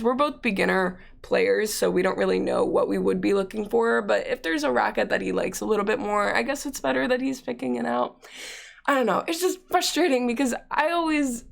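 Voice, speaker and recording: A woman's voice: medium pitch, gravelly. A young woman hosting a podcast, telling a story in casual chat, swearing freely and acting out quotes. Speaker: podcast host.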